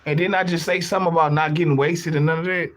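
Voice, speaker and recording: A man's voice: a little high, steady tone, fast talker. A young man chatting casually on his livestream, rambling, repeating himself and laughing often.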